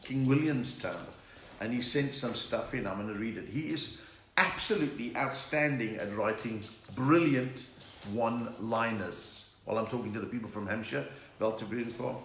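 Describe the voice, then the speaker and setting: This middle-aged man speaks at normal speed in a mid-range voice, hosting a casual live stream from a room at home. Chatty and jokey, he reads out the names and greetings of his viewers. The recording has a roomy echo with faint noise.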